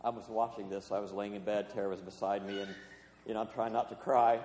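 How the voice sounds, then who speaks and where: A man's voice: on the low side, fast talker, a little mellow. Man preaching in an echoey hall. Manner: conversational storytelling with fillers. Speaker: pastor. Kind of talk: sermon. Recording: echoey hall with long reverb.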